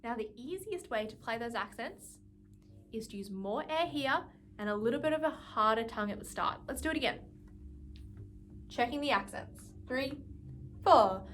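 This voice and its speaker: A woman's voice: on the high side, expressive, normal speed. A woman music teacher giving an instrumental lesson, patiently explaining and counting beats aloud.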